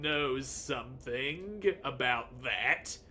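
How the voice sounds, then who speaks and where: A man's voice: medium pitch, drawn-out words, pushed and bright, slight background noise, exaggerated voice. A man voicing a humble, plain-spoken engineer in a video game, polite and folksy. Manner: folksy, polite, calls her miss.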